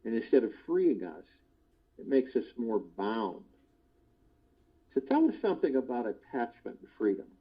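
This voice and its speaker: A man giving a spiritual discourse, slow and deliberate, often repeating his key phrases. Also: medium pitch, very animated, breathy edge, highs cut off. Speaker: spiritual teacher.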